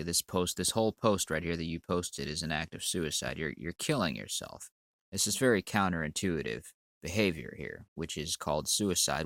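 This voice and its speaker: A man's voice: low voice, vocal fry, a bit bright, no echo. A man with a sinus cold delivering a profane, rambling, stammering rant at a commenter on his channel. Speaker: channel owner. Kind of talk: ranting monologue.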